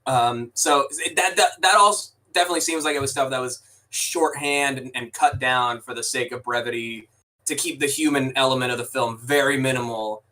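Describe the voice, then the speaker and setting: A man's voice: medium pitch, brisk, pushed and bright, far from the mic, poor audio. A man co-hosting a podcast, chatting casually about a film in rambling, restarting sentences with the odd swear. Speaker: podcast co-host. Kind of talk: casual movie review chat.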